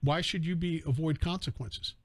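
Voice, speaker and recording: New guy filling in on talk radio, kinda high voice, dry studio sound, hammers his points home. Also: moderate pace, dry recording. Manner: emphatic, rhetorical and repetitive. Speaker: fill-in radio host.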